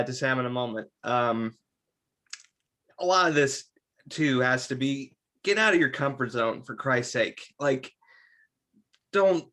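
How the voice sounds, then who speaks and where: A man co-hosting a podcast in casual chat, speaking in a reflective, heartfelt way with some halting restarts. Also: medium pitch, fairly bright tone. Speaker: podcast co-host.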